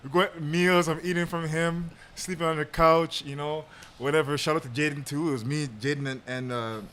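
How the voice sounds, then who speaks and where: A man's voice: fairly high pitch, steady tone, normal speed, a bit bright. Laid-back young man telling a story. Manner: laid-back, laughs often, lots of fillers. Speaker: podcast host. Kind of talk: casual storytelling chat.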